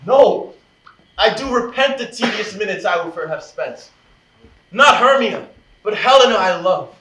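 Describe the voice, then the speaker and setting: A man's voice: sits high, lively intonation, normal speed, noisy background. An actor playing an ardent, impulsive young male lover, declaiming verse on a live stage. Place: theater stage. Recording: echoey stage, recorded from far off.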